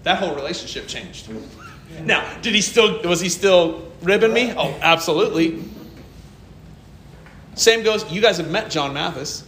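Bright animated preacher telling stories. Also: male voice, high voice, normal speed, pauses often, echoey room, a little hiss or hum. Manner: storytelling, acts out dialogue, laughs often. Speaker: pastor. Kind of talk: sermon.

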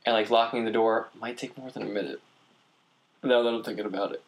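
A man chatting casually as a podcast co-host, telling stories in a relaxed, rambling way. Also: lowish voice, fast talker. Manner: rambling, relaxed storyteller with fillers. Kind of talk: casual chat.

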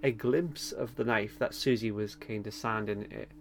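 A man co-hosting a podcast, recapping an episode in relaxed chat, laughing often and pausing with lots of ums. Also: on the low side, slight background noise. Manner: chatty, laughs often, hesitant with many ums. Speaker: podcast co-host.

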